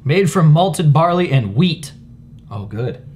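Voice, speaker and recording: A young man co-hosting a casual chat show, joking crudely and telling animated stories. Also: fairly high pitch, slow pace, slight background noise. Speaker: podcast co-host.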